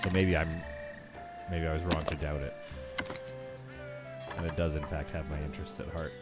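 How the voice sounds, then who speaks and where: A man's voice: very deep voice, little pitch movement, normal speed. A man casually thinking aloud and bantering with his chat while he plays a building game on a live stream. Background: background game music.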